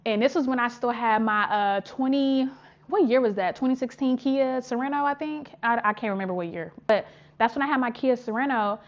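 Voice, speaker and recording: A young woman chatting casually and warmly to camera in a vlog, expressive and heartfelt, full of "y'all", "child" and "honey". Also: fairly high pitch, lo-fi sound. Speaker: vlogger.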